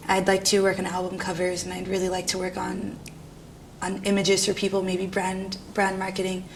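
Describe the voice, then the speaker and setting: Young new girl, art student, jokey and sweary, laughs a lot, bit of low rumble in the background. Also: monotone, normal speed. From New York. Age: young adult. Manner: irreverent, self-mocking, laughs often, swears casually. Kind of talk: candid documentary interview.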